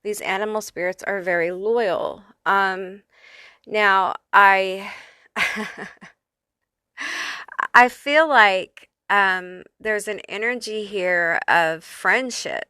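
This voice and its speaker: A woman's voice: medium pitch, extremely slow, sharp tone, clear, resonant tone, no echo. A woman giving a casual pick-a-card tarot reading who swears freely and laughs often. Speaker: tarot reader.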